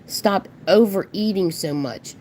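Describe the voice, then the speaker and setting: A woman's voice: mid-range voice, a little slow, darkish tone, slight background noise. A woman hosting a live reaction stream, mocking and swearing back at a clip while greeting her chat. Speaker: commentary streamer host.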